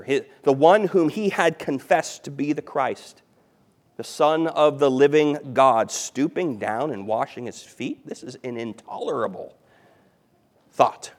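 A man preaching a sermon as pastor, emphatic, repeating key phrases and swinging between loud stress and quiet. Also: mid-range voice.

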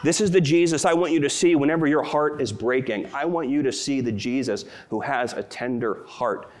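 A man's voice: mid-range voice, moderate pace, hardly any pauses, darkish tone. A middle-aged man preaching a sermon as pastor, earnest and tender, rising to emotional peaks.

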